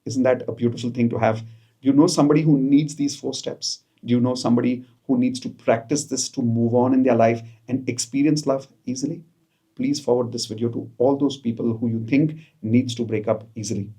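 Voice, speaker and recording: Husky self-help coach. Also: male voice, medium pitch, steady tone, a little fast, dark tone. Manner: coaxing, repeats each phrase, mixes in Hindi. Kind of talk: guided affirmation session for viewers. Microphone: camera, self-recorded.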